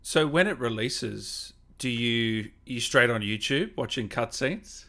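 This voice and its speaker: A man's voice: medium pitch, expressive, bright, forceful tone. A man hosting a gaming podcast interview, enthusiastic and teasing. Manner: enthusiastic, quick affirmations, teasing. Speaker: podcast host. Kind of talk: casual interview chat.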